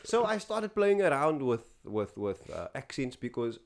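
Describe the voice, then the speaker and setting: A man's voice: medium pitch, sing-song, creaky, a loud crowd. A young man from South Africa, a content creator guest chatting in an emphatic, opinionated way. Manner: fast, opinionated, emphatic talker. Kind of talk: casual chat.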